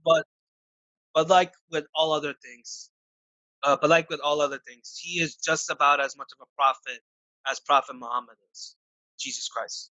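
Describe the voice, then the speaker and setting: A man answers interview questions, his voice bright and a little high. He talks haltingly, filling pauses and restarting sentences. The recording is dry and close. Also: steady tone, dry recording, poor audio. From United States. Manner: halting, many restarts and fillers. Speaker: interview guest.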